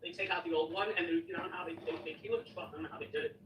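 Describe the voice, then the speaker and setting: A man's voice: high voice, steady tone, racing, dull audio, crowd noise. A man chatting casually in his kitchen while cleaning, telling a rambling, repetitive story. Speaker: vlogger. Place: home kitchen. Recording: echoey room, distant mic, background noise.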